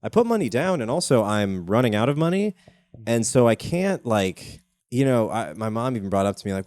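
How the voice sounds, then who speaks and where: Animated young man telling stories. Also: brisk, dry recording. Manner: animated storytelling, swears, jumps up in pitch when telling anecdotes. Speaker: podcast host. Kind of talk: casual comedic chat.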